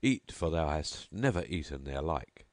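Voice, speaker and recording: Man doing a nobleman host, lavish, booming, insistent, mocking, storybook voice. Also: lively intonation, unhurried, a little mellow, no room sound, studio quality. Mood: grandly insistent. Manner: grand, insistent, booming hospitality.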